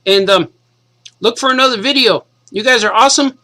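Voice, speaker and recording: A man in his forties, a cartoonist, casually and excitedly reading his comic aloud to kids. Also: extremely high pitch, a little fast, poor audio. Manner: enthusiastic, casual, says "man" a lot.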